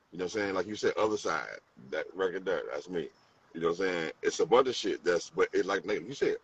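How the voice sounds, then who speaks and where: A man's voice: sits low, breathy edge. A man with a St. Louis accent in a casual debate, talking animatedly, repeating phrases and acting out quotes. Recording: distant mic, dull sound, faint room noise.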